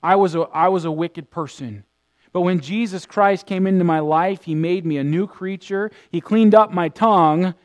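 A pastor preaching a sermon, swinging between loud bursts and hushed tones. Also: male voice, sits high, moderate pace, lo-fi sound.

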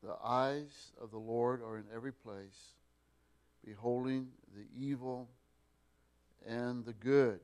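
A man teaching a Bible class, pausing often with fillers and restarts and getting loud to stress key words. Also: medium pitch, steady tone, clean tone. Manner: unhurried, with many fillers and restarts, rising loud for emphasis.

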